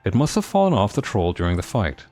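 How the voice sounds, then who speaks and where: Lively man playing a game. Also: on the low side, quick pace, faint music behind. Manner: playful, reads game text aloud with commentary. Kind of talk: live game playthrough reading text aloud.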